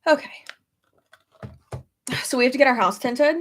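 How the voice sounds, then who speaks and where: A woman's voice: high-pitched, normal speed. Profane, chatty young woman streamer. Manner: chatty, profane and laughing, with animated storytelling. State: pregnant. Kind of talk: casual livestream chat.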